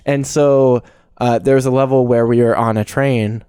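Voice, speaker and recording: A man's voice: medium pitch, steady tone, normal speed, dark tone, clean tone, no echo, studio quality. A man telling laid-back stories in casual podcast chat, laughing easily. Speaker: podcast co-host.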